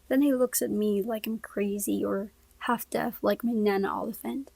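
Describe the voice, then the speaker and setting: A woman reading a first-person novel aloud, soft-spoken and often sinking to a whisper, close to the mic. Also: mid-range voice, steady tone, normal speed, vocal fry, hardly any pauses, husky, dry recording, low-quality recording. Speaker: audiobook reader.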